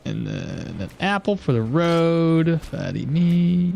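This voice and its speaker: A man's voice: fairly high pitch, big pitch swings, slow, creaky, a little mellow, slight background noise. A man giving casual gameplay commentary, thinking aloud as he plays and laughing at chat messages. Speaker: gameplay streamer.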